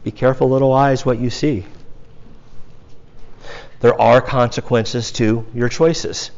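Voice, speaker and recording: A man's voice: mid-range voice, steady tone, measured pace, a little mellow, highs cut off. A male pastor from the United States preaching a sermon in a conversational way, with casual asides to the congregation.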